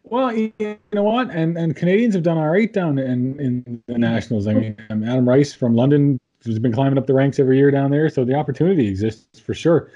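A man interviewing a bodybuilder in casual chat, halting and repeating words with frequent "you know what". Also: medium pitch, dark tone, dull audio.

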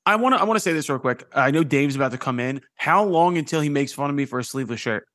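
A young adult man hosting a podcast in casual chat, loose and excitable, swearing freely. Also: mid-range voice, fast talker, no echo. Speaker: podcast host.

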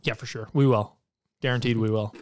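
A man's voice: mid-range voice, fairly even intonation, fairly quick, a little mellow, no echo. A man co-hosting a podcast in casual chat, joking and sarcastic. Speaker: podcast co-host.

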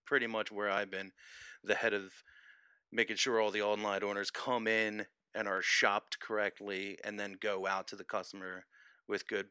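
Chill young philly dude on a podcast call, bright clean voice, kinda mumbly. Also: male voice, fairly low pitch, flat delivery, moderate pace, clear, resonant tone, dry recording. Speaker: podcast guest. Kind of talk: casual chat.

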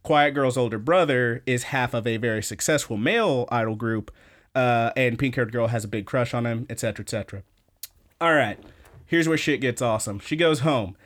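A young man co-hosting a podcast in casual chat, excitable and freely swearing as he recaps an anime. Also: mid-range voice, brisk. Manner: excitable, swears freely, quotes scenes in voices. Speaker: podcast co-host.

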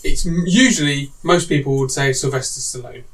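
A man hosting a casual film chat, talking emphatically with excited exclamations. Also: mid-range voice, fairly quick. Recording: voice distant from the mic.

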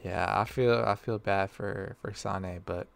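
Relaxed young man, low voice. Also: a little slow, creaky. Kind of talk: casual soccer chat.

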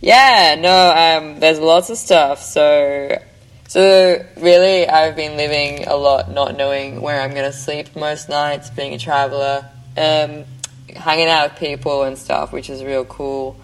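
A young Australian woman sharing a travel story in a relaxed, chatty voice message full of fillers. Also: deep voice, unhurried, low-quality recording. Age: young adult. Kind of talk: casual recorded voice message.

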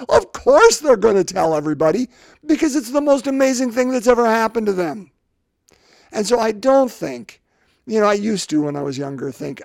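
Gravelly-voiced priest giving a rambling homily. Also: male voice, extremely high pitch, very animated, moderate pace, a little mellow, no echo, clean studio sound. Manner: rambling, self-interrupting, joking.

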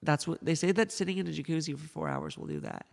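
A man's voice: fairly high pitch, wildly swooping pitch, fast, creaky, in a large hall. A man co-hosting a casual podcast, telling joking, rambling stories. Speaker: podcast co-host.

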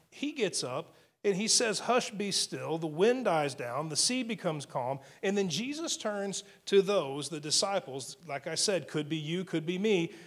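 A man preaching a sermon, earnest and building his points, often repeating words as he goes. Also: high-pitched. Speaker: pastor.

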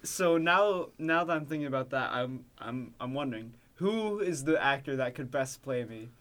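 A man co-hosting a casual comedy podcast, with a deadpan, mock-serious delivery full of fillers and restarts. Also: mid-range voice, moderate pace. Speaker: podcast co-host.

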